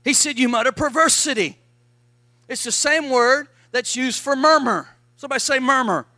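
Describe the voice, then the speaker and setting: A man's voice: very high voice, normal speed, pushed and bright, no room sound. A man pastor preaching a sermon, emphatic and calling out to his congregation for responses.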